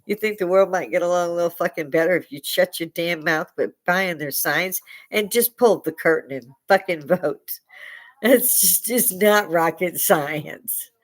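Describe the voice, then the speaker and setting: A woman's voice: on the low side, moderate pace. A woman from the United States hosting a casual livestream, ranting bluntly and profanely and laughing often. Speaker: livestream host.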